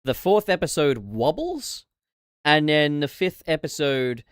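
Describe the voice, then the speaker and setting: A man hosting a casual livestream chat, swearing freely and throwing in quick asides. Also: fairly high pitch, sing-song, smooth, no room sound, studio quality. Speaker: podcast host.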